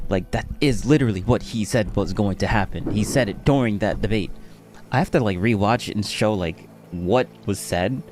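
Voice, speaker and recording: A man streaming his reactions to debate clips, mocking and laughing as he argues back. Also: fairly low pitch. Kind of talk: casual reaction commentary.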